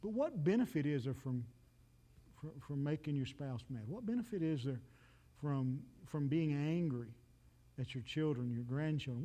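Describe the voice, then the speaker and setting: A man's voice: on the high side, warm tone. A man, preaching a folksy, joking sermon and talking straight to the congregation. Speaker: pastor.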